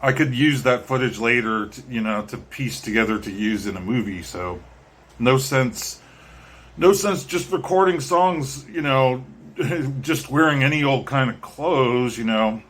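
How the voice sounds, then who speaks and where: A man chats casually to his viewers, drifting from thought to thought. He hesitates often, filling gaps with ums and restarting his sentences. His pitch sits at an ordinary middle for a man. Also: unhurried, fairly bright tone. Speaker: vlogger and musician. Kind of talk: casual talk to camera.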